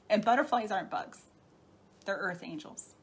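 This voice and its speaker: A woman's voice: medium pitch, animated, a little slow, slightly rough. A middle-aged woman talking casually on a live stream as a spiritual healer, chatty and laughing often as she answers viewer comments. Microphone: phone or webcam.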